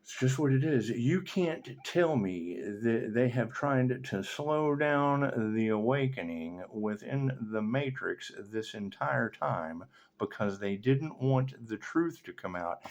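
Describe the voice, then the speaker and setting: Slow and expressive, this tarot reader's spiritual monologue wanders freely. He swears all the time, laughs frequently, and alternates between booming outbursts and quiet muttering.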